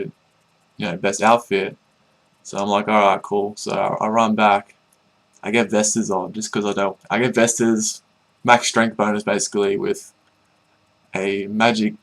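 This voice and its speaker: Young man, lowish voice, casual rambling storytelling, amused, lots of fillers. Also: rough recording. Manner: rambling, laughing, many fillers and restarts. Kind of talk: casual storytelling about a game.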